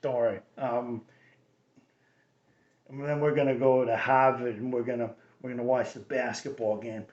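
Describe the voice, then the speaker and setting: A man's voice: mid-range voice, flat delivery, moderate pace, a little mellow, natural voice. A man putting on a swaggering Boston mobster. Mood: boastful. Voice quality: thick street Boston drawl. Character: swaggering Boston mob guy collecting dues. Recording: roomy dull lo-fi recording.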